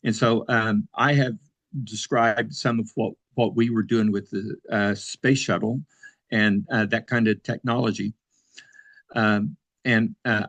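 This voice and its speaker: A man's voice: on the low side, dry recording. A man who served in the Air Force, talking casually as an interview guest, with many fillers and restarts.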